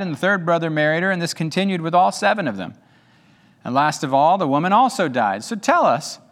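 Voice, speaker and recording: A man preaching a sermon as pastor to an audience, animated and conversational, with humorous asides. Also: a little high. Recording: long hall reverb.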